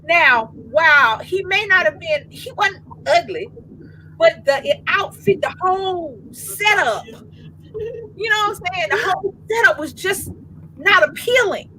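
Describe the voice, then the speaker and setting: A woman in her fifties, co-hosting a casual chat and telling an animated comic story in slangy, laughing talk. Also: very high-pitched, slow, a little hiss or hum, rough recording. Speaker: co-host.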